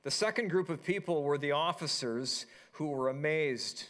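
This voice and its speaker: Man, pastor, sermon, scripture teaching, animated storytelling. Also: fairly high pitch, moderate pace. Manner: animated storytelling, acting out quoted voices.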